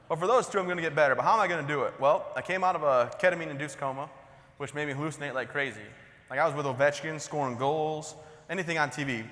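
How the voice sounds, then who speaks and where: A man's voice: a little high, a bit bright. A man in his thirties giving a humorous, self-deprecating motivational keynote in a conversational, joking way. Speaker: motivational speaker. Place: large conference hall. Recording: long hall reverb.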